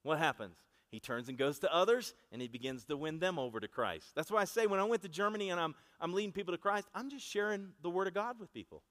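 Storytelling preacher in an echoing hall. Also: male voice, high voice, expressive, fast, few pauses, fairly bright tone. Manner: conversational storytelling, asks congregation to repeat after him. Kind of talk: sermon. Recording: long reverb of a large hall.

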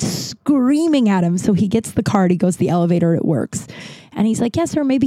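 A woman's voice: on the high side, expressive, a little fast, dark tone, dry recording. A woman in her thirties telling a bar story in a casual, rambling and profane way.

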